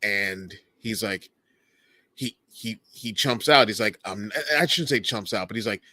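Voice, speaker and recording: A man in his forties co-hosting a podcast, chatting casually and joking, acting out quotes in loud voices. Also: lowish voice, unhurried, no echo. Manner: animated, jokey, acts out quotes in loud voices. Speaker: podcast co-host. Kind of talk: casual chat.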